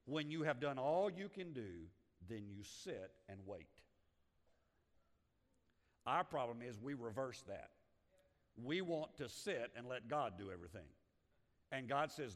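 A man's voice: mid-range voice, very animated, unhurried, long pauses, long reverb tail. A man preaching a sermon as a pastor, talking emphatically with frequent restarts and building in volume.

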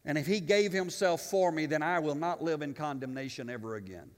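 A pastor preaching in a fairly high voice that climbs and booms at the big moments, then drops to quiet asides. He stumbles and repeats words as he goes. The sound carries a long hall reverb. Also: brisk. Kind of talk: sermon.

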